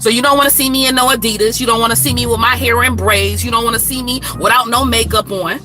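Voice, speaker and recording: A woman's voice: fairly high pitch, quick pace, over music. A woman, a singer who streams, talking frankly and with animation straight to her viewers. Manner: frank, animated, Black American vernacular phrasing. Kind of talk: casual direct-to-camera talk.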